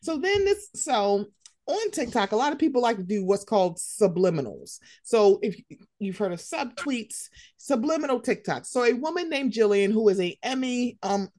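A young woman hosting a casual pop-culture chat, animated and slangy, swearing freely. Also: on the high side, moderate pace, no echo. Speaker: podcast host.

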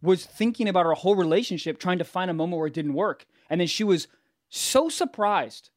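High, lively young guy joking crudely. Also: fairly quick, no room sound, clean studio sound. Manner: crude, jokey, animated. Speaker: podcast co-host. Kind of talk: casual comedic chat.

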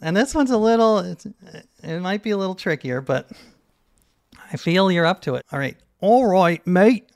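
Playful high gravelly male quiz host. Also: lively intonation, moderate pace, no room sound, studio quality. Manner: teasing, jokey, reads clues aloud. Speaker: puzzle podcast host.

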